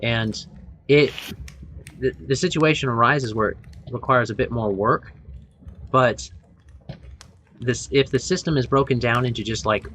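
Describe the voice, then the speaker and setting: A man's voice: medium pitch, a little slow, long pauses, a bit bright, a little hiss or hum. A man co-hosting a casual group discussion, explaining at length with frequent restarts.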